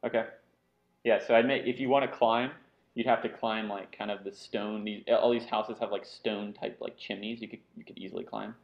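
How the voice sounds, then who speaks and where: A gravelly, fairly low-pitched man runs a tabletop game and narrates the action in a loose, rambling way. The recording sounds dull and lo-fi. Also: a little fast. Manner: loose, animated narration full of fillers and voiced asides. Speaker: game master.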